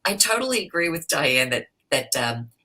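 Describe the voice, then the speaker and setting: Low, bright-toned female panelist. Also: moderate pace. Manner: lively personal storyteller. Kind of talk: live panel discussion. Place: online video call.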